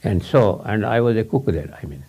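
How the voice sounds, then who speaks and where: A man's voice: lowish voice, lively intonation, a little fast, noisy background. A man giving a spiritual teacher's informal talk to students in English, his second language, rambling and repeating himself with frequent chuckles. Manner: rambling, repetitive, chuckles often.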